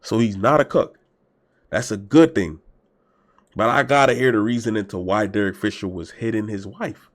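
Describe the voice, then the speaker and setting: A young man hosting a reaction video, talking in loud, emphatic slang and swinging between shouts and mutters. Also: fairly low pitch, moderate pace. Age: young adult. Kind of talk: casual reaction commentary.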